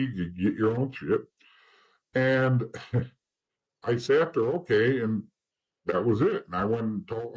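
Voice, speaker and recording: A man's voice: on the low side, darkish tone, husky, rough recording. A man guest in an interview, telling stories in blunt casual talk with swearing and acting out the dialogue of the people in them.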